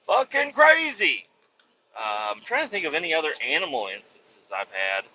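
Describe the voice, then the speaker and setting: Kansas trucker man, slightly high and very bright voice, casual profane yarn-spinning from the cab, muffled lo-fi sound. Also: a little fast, slight background noise. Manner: profane, animated, acts out quotes. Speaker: truck driver. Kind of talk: casual rambling storytelling. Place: truck cab while driving.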